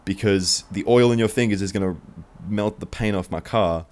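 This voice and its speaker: A man voicing an angry, threatening male school cleaner, gruff. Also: on the low side, normal speed, darkish tone, natural voice. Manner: gruff, menacing.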